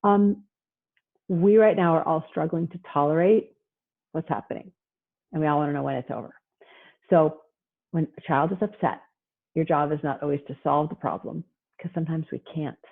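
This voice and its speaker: A woman psychologist giving a lively parenting talk, animated and mimicking parents and kids as she goes, heard over a video call. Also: deep voice, normal speed, gravelly, pauses often. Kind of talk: lively lecture with acted-out quotes. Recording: tinny phone-like audio.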